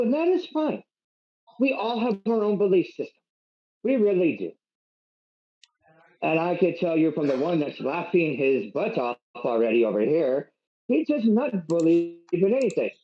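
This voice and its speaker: A man roleplaying a cleric with a put-on Irish accent, earnest and a little preachy. His pitch swings widely and sits slightly high for a man. The voice-chat audio is dull and lo-fi. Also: sing-song, moderate pace. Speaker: player voicing a cleric. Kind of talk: in-character roleplay over voice chat.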